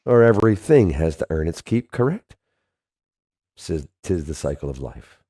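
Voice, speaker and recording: A man's voice: deep voice, very animated, normal speed, warm tone, breathy edge, heavily acted. A man voicing a courteous, formal male ship captain in a tabletop game. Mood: courtly. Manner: genteel, formal phrasing.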